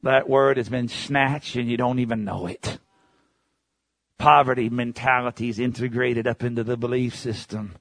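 Male preacher, middle pitch, emphatic and repetitive sermon delivery, shouts and hushes, dry close recording. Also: steady tone, creaky, dry recording. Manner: fervent, builds to shouts then drops low and slow.

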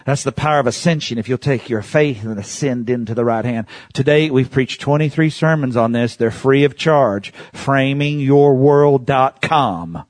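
Delivering a sermon as pastor, this man shifts from quiet asides to shouting and has the congregation repeat phrases after him. He speaks at medium pitch and a moderate pace with few pauses, and there's no echo.

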